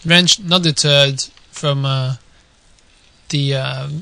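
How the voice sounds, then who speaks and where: A young man with a Dutch accent casting a video game live, drifting from quiet musing to shouted excitement. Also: medium pitch, takes it slowly, gravelly, smooth. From Netherlands. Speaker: game caster.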